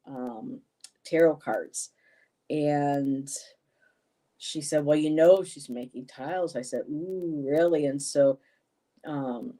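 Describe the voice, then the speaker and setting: A woman in a casual vlog, talking to her viewers with many ums and pauses, gushing and emotional. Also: low-pitched, dark tone. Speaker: vlogger.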